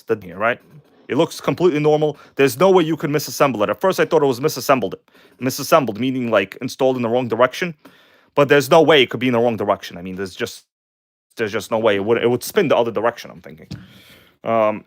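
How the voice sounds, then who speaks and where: A man hosting a casual live stream, chatting excitedly with viewers and reading their comments aloud. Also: mid-range voice. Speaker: RC car livestream host.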